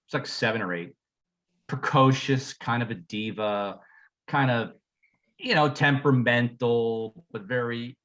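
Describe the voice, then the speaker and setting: Chatting casually on a podcast he co-hosts, a music teacher tells funny anecdotes, laughing often, swearing, and animatedly voicing the people he quotes. His pitch is medium, and the highs in the recording are cut off.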